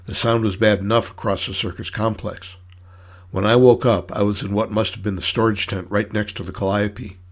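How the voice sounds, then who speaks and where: A man's voice: lowish voice, fairly even intonation, moderate pace. A man reading his own story aloud in dry, wry, hard-boiled first-person narration.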